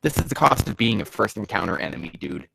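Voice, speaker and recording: A man reading bad fanfiction aloud for comedy, sarcastic and swearing, breaking off into loud bursts of disbelief. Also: sits low, very animated, fast talker, slight background noise, rough recording. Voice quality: gravelly.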